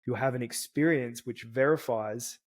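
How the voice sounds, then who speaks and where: A man's voice: medium pitch, moderate pace. A man telling his own story as a podcast guest, earnest and reflective, often restarting his words.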